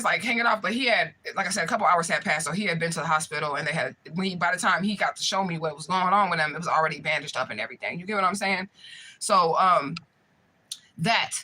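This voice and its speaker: A speaker telling a personal story in a casual vlog, swearing often and slangy, constantly checking in with the listener. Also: mid-range voice. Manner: profane, animated, slangy storytelling. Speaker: spiritual reader telling a story.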